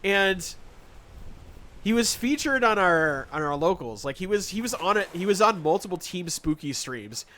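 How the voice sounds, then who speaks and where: A male streamer talks casually while gaming, telling animated, sarcastic stories at a moderate pace. His bright, forward voice is pitched a little high, and laughter keeps breaking into his speech.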